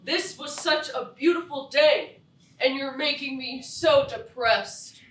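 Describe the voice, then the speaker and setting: An actress playing a chatty young beach bum fussing over party food. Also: female voice, high-pitched, slow, a bit bright, a little hiss or hum. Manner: fussy, chattering. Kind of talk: live stage acting. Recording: echoey theatre stage from far off.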